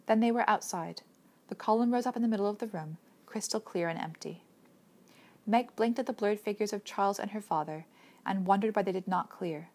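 A woman's voice: medium pitch, a little hiss or hum. Woman narrating a novel aloud. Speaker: audiobook narrator. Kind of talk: scripted narration.

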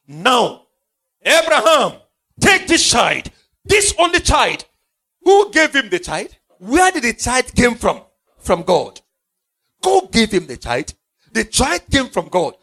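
A man preaching a sermon with a high-pitched voice that swoops up and down. He presses the congregation with question after question and repeats his key lines for emphasis. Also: sing-song, measured pace, fairly bright tone. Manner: impassioned, repetitive rhetorical questions.

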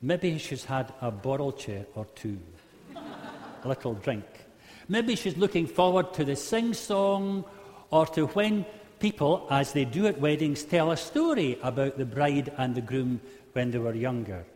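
A man's voice: medium pitch, lively intonation, a little slow, darkish tone. A man preaching a humorous sermon, telling a Bible story and acting out the quotes in varied voices. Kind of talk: sermon storytelling to a live group. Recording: long hall reverb.

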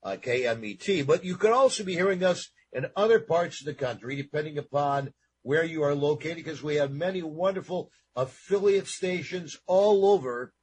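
A man's voice: fairly high pitch, slight background noise. A man hosting a radio show in a studio, chatting casually and rambling with lots of fillers and repeats.

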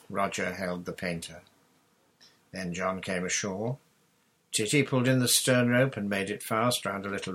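A man's voice: on the low side, fairly bright tone, slight background noise. A man reading a children's adventure story aloud as an audiobook narrator, telling it steadily. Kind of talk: scripted narration.

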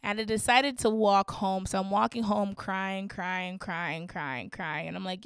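A young woman hosting a podcast, telling a story casually and animatedly, dropping to a hush and rising to shrieks, laughing through it. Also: medium pitch, takes it slowly, clean tone, dry recording, studio quality. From Canada. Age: young adult. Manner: animated, swings from hushed to shrieking. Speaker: podcast host.

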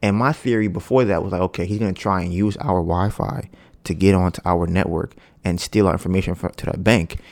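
A man's voice: a little fast, gravelly. A man hosting a podcast, telling a long story in loose, slangy casual talk and acting out the lines of the people in it. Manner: animated, acts out quoted dialogue with rising pitch; loose slangy speech with frequent fillers. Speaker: podcast host.

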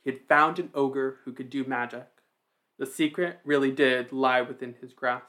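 A man narrating a fantasy story in a steady, even reading. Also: medium pitch, normal speed.

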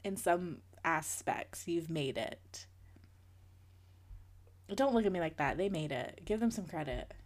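A woman's voice: lowish voice, animated, a little slow, long pauses. A woman in her twenties co-hosting a podcast, chatting in a laid-back way and laughing easily. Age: 20s. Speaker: podcast co-host. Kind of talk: casual chat.

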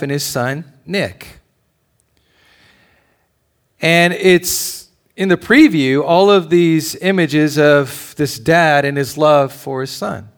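A man, a father with children, preaching a sermon, telling a personal story with animated ups and downs and dropping to a near whisper at tender moments. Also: fairly high pitch, clear, resonant tone. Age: adult with children. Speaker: pastor.

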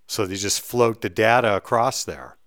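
A middle-aged man ranting bluntly and with profanity, swinging between loud outbursts and low mutters. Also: animated, normal speed, dry recording, studio quality. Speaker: vlogger ranting on camera. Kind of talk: heated monologue rant.

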